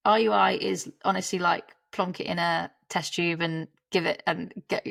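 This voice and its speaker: Podcast guest: woman, 30s, low gravelly voice, chatty, candid, quick to laugh. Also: fairly even intonation, a bit bright, no room sound. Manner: chatty, laughs often, self-interrupting. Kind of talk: candid conversational storytelling.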